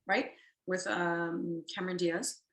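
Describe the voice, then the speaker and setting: A middle-aged actress, a guest in a casual interview, telling stories in a rambling, self-correcting way and laughing easily. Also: female voice, fairly low pitch, steady tone, takes it slowly, a bit bright. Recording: echoey room.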